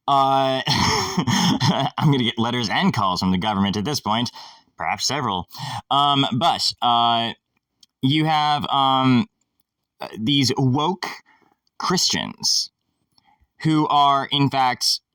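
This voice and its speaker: Sarcastic rambling man, lively pitch. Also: slow pace, pauses often, dry recording, studio quality, recorded from a distance. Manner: rambling, sarcastic, irreverent, swears. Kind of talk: casual monologue.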